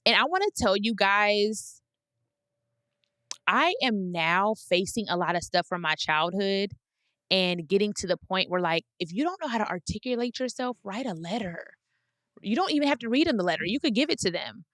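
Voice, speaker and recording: A woman's voice: mid-range voice, animated, normal speed, a bit bright, dry recording. A woman in her thirties hosting a podcast, giving blunt, emphatic advice in a casual monologue and repeating phrases for weight. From United States. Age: 30s. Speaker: podcast host.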